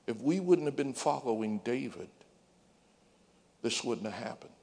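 A man's voice: medium pitch, expressive, moderate pace, gravelly, long pauses, darkish tone. A man preaching a dramatic sermon, dropping into whispers and singing out scripture lines.

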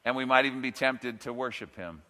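A man preaching a sermon as pastor, slow and emphatic, with dramatic pauses and rising swells of emphasis. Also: mid-range voice, bright, forceful tone, big-room sound.

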